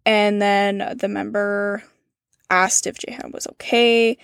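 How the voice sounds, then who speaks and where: A woman talking casually on a podcast, her speech loose and full of "like" and "um" as she recounts events. Her voice sits at a middle pitch and sounds close and dry, with no room around it. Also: slow, dry recording. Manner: casual, many fillers, reads out quotes in a subdued tone. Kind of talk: casual chat.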